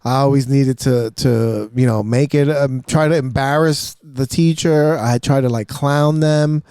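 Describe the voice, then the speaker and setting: A man's voice: medium pitch, steady tone, unhurried, dark tone, clean tone, dry recording. A man hosting a podcast, telling school stories in loose, profane casual chat in a studio. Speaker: podcast host.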